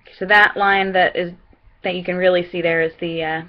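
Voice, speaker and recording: A woman's voice: fairly low pitch, level tone, fairly quick, dull audio. A young woman vlogging casually at home into a computer webcam, chatty, with lots of fillers and restarts. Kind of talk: casual personal vlog.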